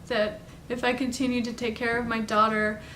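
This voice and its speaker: A young woman telling a personal story in a halting, confessional way, at home. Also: on the high side, level tone, recorded from a distance. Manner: halting, confessional, soft-spoken. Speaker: vlogger telling her story. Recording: roomy, off-mic, faint background noise.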